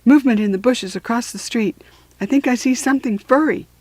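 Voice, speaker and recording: Storybook little brother, high and loud, always excited, voiced by a woman reader. Dry sound. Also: a little fast, dry recording, close to an everyday voice. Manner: eager, chattering, loud. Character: excitable little boy playing spy.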